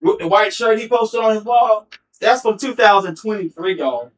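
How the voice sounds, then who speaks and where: A man's voice: high-pitched, moderate pace, far from the mic. A man hosting a livestream who talks in a taunting, confrontational way and repeats his jabs, speaking into a headset mic. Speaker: livestream host. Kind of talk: heated livestream rant.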